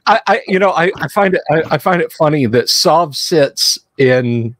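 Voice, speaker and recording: A man co-hosting a casual chat, halting and repeating words as he works through his thoughts. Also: fairly high pitch, animated, a bit bright, no echo.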